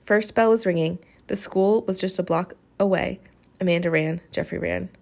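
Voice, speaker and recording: A woman narrating an audiobook in an expressive storytelling manner. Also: fairly low pitch, moderate pace, vocal fry. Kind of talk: audiobook reading.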